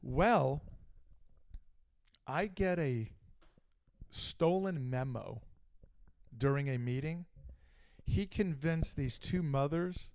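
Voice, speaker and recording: Animated middle-aged man telling a story. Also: on the high side, extremely slow. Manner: animated, heated retelling with frequent asides. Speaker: podcast co-host. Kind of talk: casual storytelling chat.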